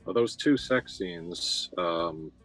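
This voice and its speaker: A man talking thoughtfully about a film in a measured way, with hesitant fillers and faint music underneath. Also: sits low, lively intonation, fairly bright tone, poor audio. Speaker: podcast co-host. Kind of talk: casual film discussion.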